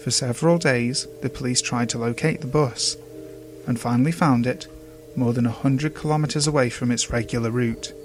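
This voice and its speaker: Man narrating creepy legends over music. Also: mid-range voice. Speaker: storyteller. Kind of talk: scripted narration of urban legends. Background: faint music.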